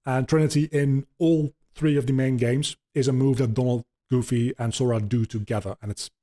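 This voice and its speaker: Rambling, swearing man with a mellow voice. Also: mid-range voice, fairly even intonation, moderate pace. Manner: rambling, swearing, many ums. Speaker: podcast host. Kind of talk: casual chat, explaining video game lore.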